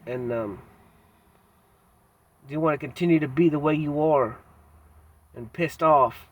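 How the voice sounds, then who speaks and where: A man with a slightly high voice records a candid personal vlog monologue, and the sound is lo-fi. He speaks haltingly and reflectively, with frequent pauses and fillers, blunt and self-critical, using casual slang.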